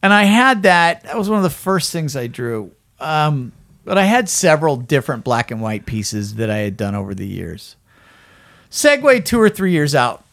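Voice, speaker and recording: Animated male podcast host with a fairly high voice, chatty storyteller, dry close mic. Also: moderate pace, gravelly, no room sound. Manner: animated, keeps asking "right?", frequent fillers. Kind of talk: casual storytelling chat.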